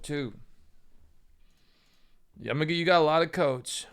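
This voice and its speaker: A man's voice: a little high, moderate pace, smooth. A man live streaming who stammers, swears a lot and sounds frustrated.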